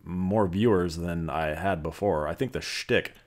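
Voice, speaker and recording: A man's voice: low voice, measured pace. A man hosting his channel, making joking, sarcastic asides in casual vlog commentary. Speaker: channel host.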